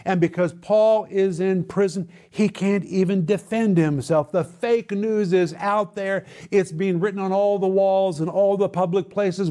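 Man preaching with a dark mellow voice. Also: fairly even intonation, unhurried, hardly any pauses. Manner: preaching with dramatic pitch swings; addresses listeners as "my friends". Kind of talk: sermon.

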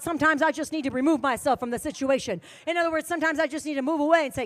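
A woman preaching a sermon in a commanding, emphatic style, her loudness rising and falling widely. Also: high voice, animated, fast.

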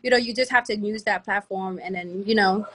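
Bright-voiced, brash young woman. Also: medium pitch, fairly quick, breathy edge. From DMV area, US. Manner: brash, laughing, animated. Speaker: music artist guest. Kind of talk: casual interview chat.

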